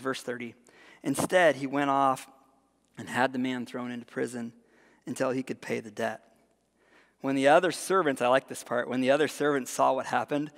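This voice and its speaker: A man preaching a sermon as pastor, animated and conversational, tossing in frequent rhetorical asides. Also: on the high side, in a large hall. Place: church sanctuary.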